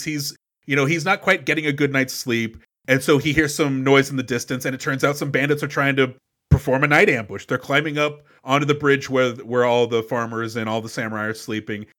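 A man's voice: mid-range voice, a little fast, a bit bright. A man co-hosting a podcast, recapping a movie with enthusiastic, profane storytelling on a close mic. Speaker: podcast co-host. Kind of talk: casual movie recap chat.

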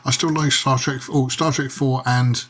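English male host, easygoing banter, mid pitch, lots of ums and laughs. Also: steady tone, normal speed, a bit bright, slightly rough. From England. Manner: chatty, laughs often, many fillers. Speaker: podcast host. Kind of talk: casual chat.

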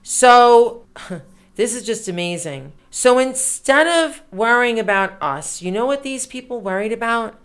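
A woman's voice: on the high side, animated, measured pace, a bit bright, clear, resonant tone. A woman co-hosting a political podcast, talking in an indignant, emphatic way with rhetorical questions. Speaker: podcast co-host.

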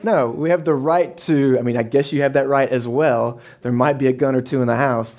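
A pastor in his thirties delivers a sermon from the pulpit of a church sanctuary, speaking loosely and conversationally with lots of asides and quick questions to the congregation. His voice is at an ordinary middle pitch for a man, steady in tone and a little mellow.

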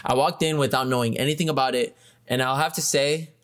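A man's voice: medium pitch, steady tone, fast talker, fairly bright tone. A man co-hosting a podcast, chatting casually about shows and movies, with lots of fillers and slang. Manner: laid-back, lots of fillers, says bro and dude. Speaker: podcast co-host. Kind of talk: casual chat.

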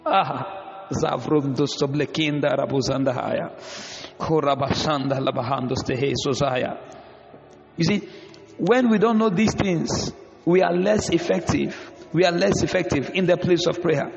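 A man's voice: high-pitched, creaky. A man preaching a sermon in an emphatic, repetitive way, calling out questions to the congregation. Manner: emphatic and repetitive, calls and responses. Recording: echoey hall, dull sound.

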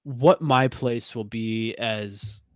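A man's voice: medium pitch, extremely slow, smooth, no echo. Rambling Midwestern man, dry sound. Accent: Midwestern American. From American Midwest. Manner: rambling, many fillers and restarts. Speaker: whiskey brand ambassador. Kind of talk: casual interview talk.

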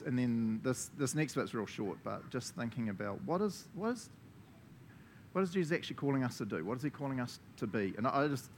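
A playful man preaching in a relaxed, chatty way, cracking jokes and calling on his listeners. His voice sits at an ordinary middle pitch over a faint low rumble. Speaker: pastor. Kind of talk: casual interactive sermon.

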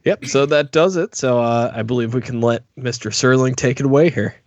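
A man's voice: medium pitch, brisk, dry recording. A man co-hosting a podcast in casual chat, easygoing and often laughing. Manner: laughing, easygoing, hands over segments. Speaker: podcast co-host. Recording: dry, slightly dull podcast mic.

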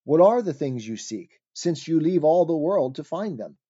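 A man's voice: on the high side, big pitch swings, moderate pace, dark tone, slightly rough, lo-fi sound. Scornful stubborn neighbour Obstinate, read by a man. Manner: scornful, dismissive, archaic speech.

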